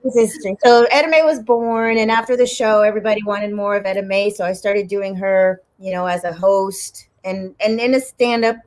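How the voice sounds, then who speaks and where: A woman talking as a guest on a chat show, telling a long story in a rambling, animated way and laughing often. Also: medium pitch, normal speed, few pauses. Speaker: guest actress and comedian. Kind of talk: casual chat.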